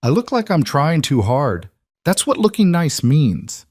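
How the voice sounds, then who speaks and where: A man voicing an anxious, gentle father in his thirties who speaks reassuringly. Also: fairly high pitch, very animated, measured pace, no echo, pitched above the performer's own voice.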